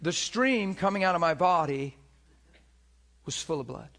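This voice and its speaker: Middle-aged male preacher, higher voice, lively storyteller who acts out every voice. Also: a little slow. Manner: animated, acts out voices and cries out. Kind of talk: storytelling sermon.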